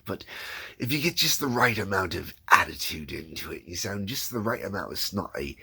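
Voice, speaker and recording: A man's voice: deep voice, lively intonation, moderate pace, vocal fry, bright, forceful tone, husky. A man who hosts his own brick-animation series, talking casually and unscripted about making it. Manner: loose, meandering and unscripted. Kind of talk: casual behind-the-scenes chat.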